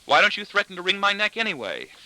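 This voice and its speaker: A man voicing a sullen, sarcastic teenage daughter in an audiobook, in a soft, weary monotone. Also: sits high, quick pace, dry recording, pitched above the performer's own voice, exaggerated voice, rough recording.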